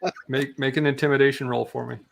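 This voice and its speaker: A man narrating a tabletop game as game master, his voice gravelly and flat. He talks in a laid-back, halting way, full of ums and restarts. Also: medium pitch, over a noisy crowd.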